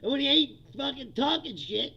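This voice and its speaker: A man's voice: very high voice, lively intonation, moderate pace, vocal fry, sharp tone, highs cut off. A man in his fifties, a comedian hosting a profane, ranting comedy livestream and laughing often. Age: 50s. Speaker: comedian host.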